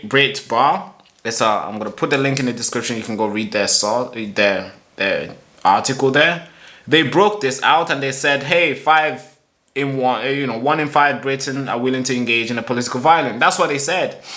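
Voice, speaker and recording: A man's voice: medium pitch, bright, forceful tone. A man hosting a solo commentary show, talking emphatically, repeating himself with many fillers and restarts. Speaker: host.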